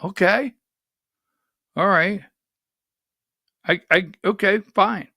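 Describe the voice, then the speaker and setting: A high-pitched man draws out his words in a pushed, bright voice while hosting a political livestream of blunt, skeptical, rambling commentary. The recording is dry and studio quality.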